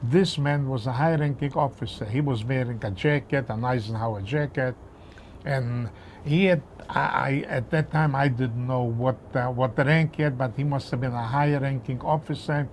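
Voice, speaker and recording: An older man recounting his past at length, hesitant, with pauses and fillers. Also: mid-range voice, a little hiss or hum. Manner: hesitant, with many fillers and restarts. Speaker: interviewee. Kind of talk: personal recollection.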